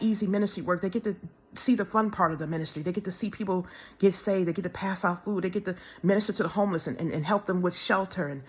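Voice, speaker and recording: A woman speaking in an emotional personal monologue, halting and repeating words, close to tears as she pleads. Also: medium pitch. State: tearful, close to crying. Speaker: self-described minister.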